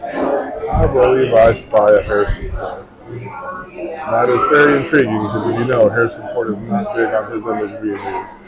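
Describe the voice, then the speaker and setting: A man's voice: fairly low pitch, steady tone, moderate pace, long pauses. A man hosting a casual food review vlog, chatty and easygoing, sometimes talking while eating. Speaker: vlog host. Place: busy theme park bar. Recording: noisy crowded bar. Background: loud crowd chatter.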